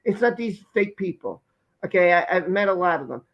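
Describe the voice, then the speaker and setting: A man's voice: high-pitched, lively intonation, fairly quick, highs cut off. Emphatic Brooklyn-accented man hosting a live stream. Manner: emphatic, effusive, repeats himself. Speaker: host.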